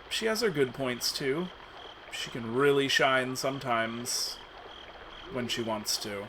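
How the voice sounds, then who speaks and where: A man's voice: mid-range voice, background noise. A man streaming himself reading a text adventure aloud as dramatic narration, with asides. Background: game music.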